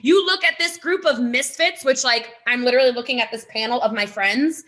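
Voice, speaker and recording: A woman giving an animated, emphatic motivational talk on a video call as a network marketing recruiter, with laughing asides. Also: a little high, fairly quick.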